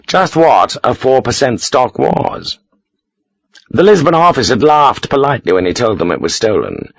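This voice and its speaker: Guy reading an audiobook, lowish voice, really lively delivery, dry close sound. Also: no room sound. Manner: expressive, animated reading. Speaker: audiobook narrator. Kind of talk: scripted audiobook narration.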